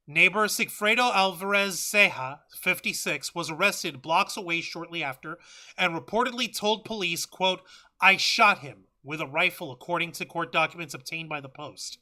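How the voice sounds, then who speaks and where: A man's voice: fairly high pitch, pushed and bright. A man hosting a livestream, reading news articles and viewer chat aloud and ranting angrily with heavy swearing. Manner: angry, profane ranting. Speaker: livestream host.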